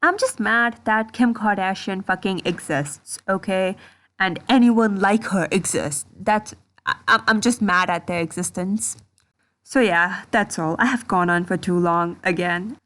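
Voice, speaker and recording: A woman's voice: medium pitch, unhurried, a bit bright. A woman ranting in a commentary vlog, indignant and swearing often. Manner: heated, indignant, heavy swearing. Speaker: commentary YouTuber.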